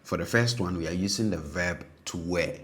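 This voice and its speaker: A man's voice: deep voice, moderate pace. A man teaching a language lesson, patiently repeating example sentences and checking in with "okay?".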